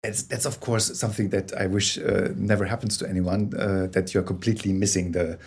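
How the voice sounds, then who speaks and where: Husky-voiced man explaining on a call. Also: deep voice, a little fast. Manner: many restarts, animated bursts, laughs. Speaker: guest, corporate storyteller. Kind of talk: conversational interview, explaining.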